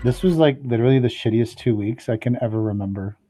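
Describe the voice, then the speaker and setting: A man's voice: mid-range voice, fast talker, dark tone, soft background music. A podcast co-host man, chatting bluntly and swearing a lot. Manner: blunt, profane griping. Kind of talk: casual chat.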